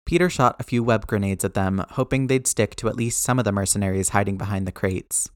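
A man reading an action story aloud as narrator, brisk, slowing at tense moments. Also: fairly low pitch, no room sound, clean studio sound. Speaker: audiobook narrator. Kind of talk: scripted narration.

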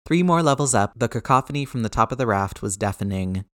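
A man reading an action story aloud as narrator, brisk, slowing at tense moments. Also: mid-range voice, lively intonation, a bit bright, dry recording, studio quality. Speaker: audiobook narrator. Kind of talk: scripted narration.

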